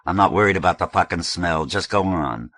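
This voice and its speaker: A man's voice: low voice, brisk, fairly bright tone, dry recording, studio quality. A man voicing a blunt, curt young male gang leader in an audiobook.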